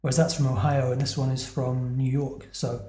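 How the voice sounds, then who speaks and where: A man's voice: mid-range voice, level tone, moderate pace, mellow. A man hosting a casual beer-tasting podcast chat, talking in a chatty way. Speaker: podcast host. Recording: echoey room.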